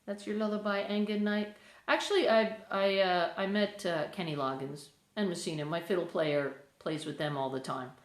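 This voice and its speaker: An American woman whose accent drifts partly toward English rambles casually to viewers on a phone livestream. She's a musician from the United States speaking from a room in a house, recorded with an echoey sound. Her voice is fairly low and steady, at normal speed with hardly any pauses.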